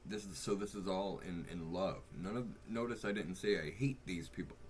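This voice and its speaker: A man's voice: low-pitched, fairly quick, darkish tone, slight background noise. An American man hosting a reaction video, talking casually in rambling, profane asides that keep interrupting themselves. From United States.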